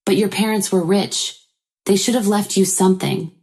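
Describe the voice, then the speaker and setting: A woman's voice: mid-range voice, fairly even intonation, moderate pace, darkish tone, lightly acted. A woman voicing a greedy, scheming husband who talks in a blunt, scornful way. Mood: pushy.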